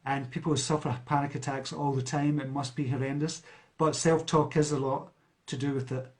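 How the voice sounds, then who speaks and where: At a normal speed and in a level, medium-pitched, slightly mellow voice, a self-help speaker from near a large Scottish city chats on a live stream. He reads viewers' comments aloud and answers them, with fillers and restarts throughout.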